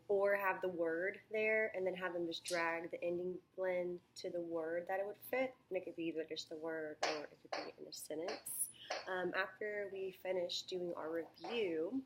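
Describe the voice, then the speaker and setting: A young woman talking through a phonics lesson plan as a student teacher, thinking aloud with many ums and restarts. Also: on the low side.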